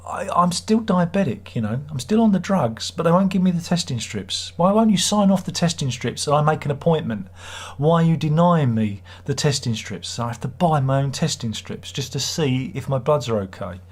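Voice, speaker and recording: Man, British accent, middle-aged, husky, rambling livestream chat, wry. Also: fairly high pitch, animated, moderate pace, few pauses. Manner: rambling, chatty, wry self-mocking. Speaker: livestream host.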